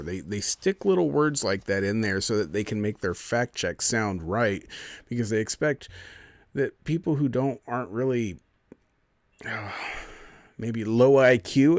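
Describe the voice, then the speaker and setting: A man's voice: mid-range voice, expressive, unhurried, dry recording. A man hosting a live stream, reading out a news fact check and arguing with it in an indignant, sarcastic running commentary.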